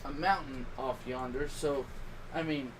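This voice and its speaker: A man's voice: medium pitch, steady tone, unhurried, crowd noise. A man co-hosting a casual podcast with crude, laid-back banter. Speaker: podcast co-host. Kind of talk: casual chat. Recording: distant mic with background hiss.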